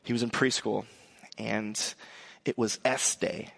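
A male pastor in his thirties giving a sermon, joking and telling a lively family story. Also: lowish voice, slow, gravelly.

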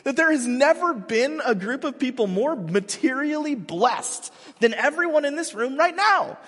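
A man's voice: extremely high pitch, animated, moderate pace, fairly bright tone. A man in his thirties, a pastor giving a sermon in a large hall, talking in a casual, self-mocking, conversational way.

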